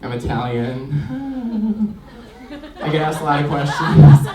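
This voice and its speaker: A man's voice: fairly high pitch, big pitch swings, takes it slowly, crowd noise. A man performing a stand-up comedy set in a comedy club, delivering punchy, brash jokes and mimicking voices. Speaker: stand-up comic. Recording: echoey club sound from far off, clear background noise.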